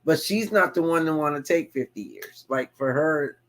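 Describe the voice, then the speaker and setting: Man, middle-aged, co-host, casual chat, slightly high voice, reflective. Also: animated, normal speed, a bit bright. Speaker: podcast co-host.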